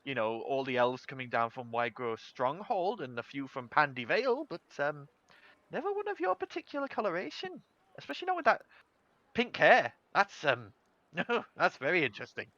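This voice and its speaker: A man's voice: a little high, huge pitch swings, normal speed, sharp tone, dry recording, muffled recording, exaggerated voice. A man voicing a fussy, motherly old halfling grandmother who runs a tea house, scolding and blunt. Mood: chatty.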